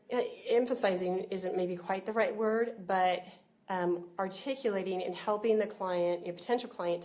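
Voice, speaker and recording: A woman gives a casual business training on a live stream, talking through a computer mic. She is chatty and relaxed, with lots of "you know" and restarts. Her voice sits in an ordinary middle range. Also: medium pitch. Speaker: business coach. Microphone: computer or webcam mic.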